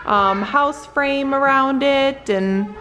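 A woman family vlogger chatting casually at home, explaining things in a relaxed way by a kids' play kitchen. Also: high voice, slow pace, over music. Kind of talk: casual home vlog chat.

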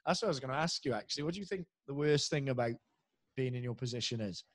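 A young man with a Welsh accent tells sweary, self-mocking stories in easy podcast chat. His voice sits at an ordinary middle pitch and sounds very dry, close to the mic with no room around it. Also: lively intonation, fast talker, no room sound. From Wales. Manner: swearing, self-deprecating storyteller. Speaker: guest impressionist.

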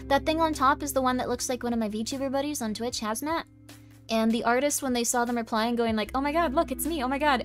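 A woman streamer rambles cheerfully to her live chat in a slightly high voice, giggling and making fun of herself between filler words. She speaks into a desk microphone. Faint music plays underneath. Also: a bit bright. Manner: bubbly, giggly and self-deprecating, lots of "like". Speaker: VTuber streamer. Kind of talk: casual live-stream chat reading chat messages.

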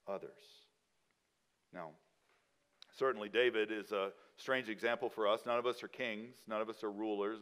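A man preaching a sermon as a pastor in a church, rising to loud, emphatic peaks and dropping to quiet, low endings.

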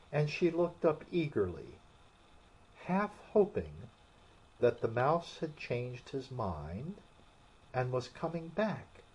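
Slow-reading male audiobook narrator. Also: medium pitch, darkish tone. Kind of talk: scripted narration. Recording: muffled, dull audio.

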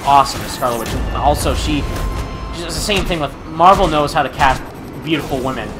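A man's voice: fairly high pitch, fairly quick. A young man hosting a gaming channel, chatting casually and rambling with lots of fillers and restarts, and he has the hiccups. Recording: music playing behind.

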